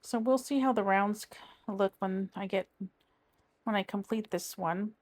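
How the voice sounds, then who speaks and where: A woman's voice: medium pitch, unhurried, a little mellow. Chatty middle-aged woman. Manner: rambling, chatty, trails off and restarts. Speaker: crafting vlogger. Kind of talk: casual chat while diamond painting.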